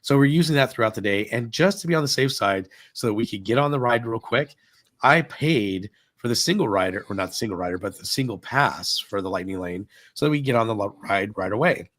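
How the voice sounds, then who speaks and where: A middle-aged man casually telling a long story on a podcast, acting out what everyone said with lively shifts. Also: on the low side, a little fast, no echo. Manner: animated retelling, acting out dialogue.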